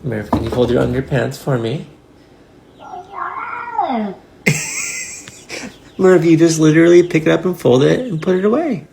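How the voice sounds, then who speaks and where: A woman's voice: fairly low pitch, wildly swooping pitch, slow, vocal fry, long pauses, background noise. A woman casually chatting to her pet cat in a playful, teasing baby-talk way. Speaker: cat owner. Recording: music playing behind the voice.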